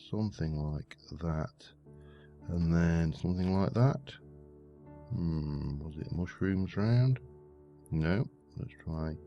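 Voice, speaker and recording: A man's voice: deep voice, warm tone, muffled recording. A man giving rambling, muttering commentary while playing a game. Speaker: let's play host. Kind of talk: casual gameplay commentary. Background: faint background music.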